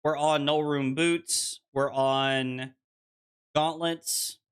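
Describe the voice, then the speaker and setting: A man's voice: fairly high pitch, fairly even intonation, drawn-out words, smooth. A man streaming a card game, chatting casually with viewers and reading their messages aloud, with lots of fillers. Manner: chatty, full of "like" fillers, reads chat aloud.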